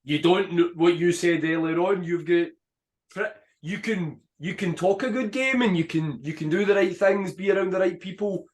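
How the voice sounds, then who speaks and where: A man hosting a podcast, talking in a reflective, halting way and repeating words as he works through a thought. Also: high-pitched. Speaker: podcast host. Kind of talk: casual conversation.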